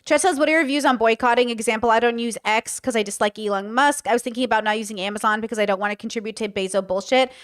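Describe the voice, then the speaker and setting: A young woman hosts a reaction show, talking casually and with strong opinions. Her voice sits a bit high and comes across close and dry, with no room around it. She fills her thoughts with likes and ums. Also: rapid-fire, few pauses, a bit bright, dry recording. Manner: chatty, opinionated, many fillers. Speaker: host reacting to a podcast clip. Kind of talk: casual commentary.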